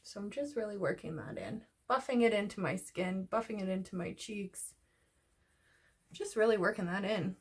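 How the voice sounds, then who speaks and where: A slightly rough, mid-range voice carries this beauty vlogger's animated get-ready-with-me chatter at a normal speed. She's applying makeup while she rambles, and she's a bit out of breath.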